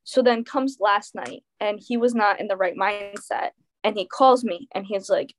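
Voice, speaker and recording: A woman's voice: medium pitch, fairly quick. A teenage girl telling a dramatic personal story in casual chat, full of fillers and quoted dialogue. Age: teens. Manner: animated storytelling, many fillers. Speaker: teen guest.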